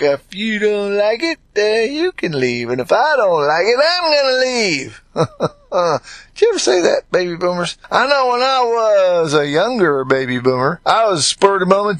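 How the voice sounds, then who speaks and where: A man's voice: high-pitched, no echo. An older man from Massachusetts with a Texan twang, hosting his podcast in a casual, musing monologue from a parked vehicle and putting questions to his listeners. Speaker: podcast host. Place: parked vehicle used as a mobile studio.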